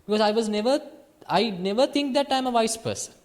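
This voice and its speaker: Soft-spoken Sri monk, high voice. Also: male voice, brisk. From Sri Lanka. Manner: lively teaching, swings between soft and emphatic. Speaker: Buddhist monk teacher. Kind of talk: dharma talk to a small group.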